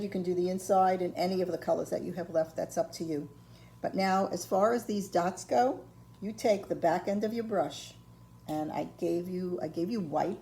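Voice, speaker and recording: Gravelly, low-voiced older woman teaching crafts. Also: dark tone, slight background noise. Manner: patient, folksy, with frequent ums and okays. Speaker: ceramics painting instructor. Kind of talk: step-by-step craft tutorial.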